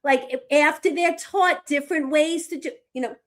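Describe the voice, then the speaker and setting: A woman's voice: sits high, normal speed, fairly bright tone. A woman co-hosting a podcast, patiently walking through examples step by step. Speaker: podcast co-host explaining reading instruction. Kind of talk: explanatory podcast talk.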